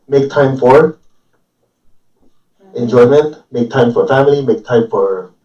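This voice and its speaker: A man's voice: medium pitch, slow, mellow, highs cut off. Man teaching in a roomy, distant recording. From Chinese family. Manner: joking, asks the audience questions. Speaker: spiritual teacher. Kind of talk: informal sermon to a group. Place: room with a live audience.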